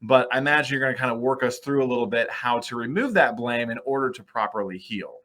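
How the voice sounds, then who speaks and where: Bright-voiced Midwestern man co-hosting. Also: mid-range voice, fast. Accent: Midwestern American. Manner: friendly, affirming, chatty. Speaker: co-host, city mayor. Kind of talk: live talk show conversation.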